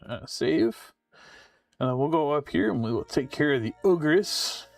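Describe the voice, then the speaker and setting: A man's voice: a little high, animated, unhurried, creaky, recorded from a distance, soft background music. A man casually commenting on his own game playthrough. He reads the game's text aloud and adds joking asides. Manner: offhand, chatty, joking asides. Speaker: game streamer.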